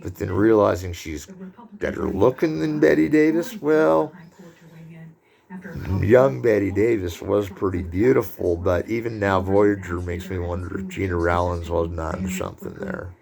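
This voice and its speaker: A man's voice: sits low, a little slow, vocal fry, darkish tone. A man lecturing on film in a loose, rambling way, drifting into digressions and asides. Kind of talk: unscripted lecture.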